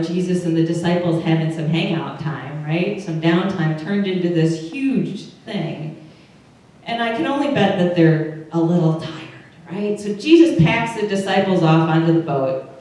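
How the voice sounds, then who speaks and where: With a lowish, somewhat mellow voice, this pastor talks chattily to her congregation and poses questions to them. She has an Upper Midwest American accent, and she sounds distant in a very echoey church room.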